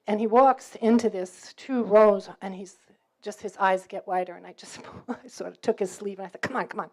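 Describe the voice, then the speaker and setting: A middle-aged woman from New York tells a personal faith story to a room of students. A faded New York accent is still there under her words. She is an animated storyteller who jumps into the voices of the people in her story and laughs as she goes. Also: mid-range voice, moderate pace. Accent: New York, mostly faded. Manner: lively storyteller, acts out dialogue, laughs often. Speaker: campus speaker.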